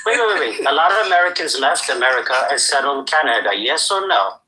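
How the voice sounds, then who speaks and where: A man's voice: fairly high pitch, expressive, quick pace, pushed and bright, a little hiss or hum, low-quality recording. A man hosting a livestream in a heated debate, talking over others and hurling profane insults. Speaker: livestream host.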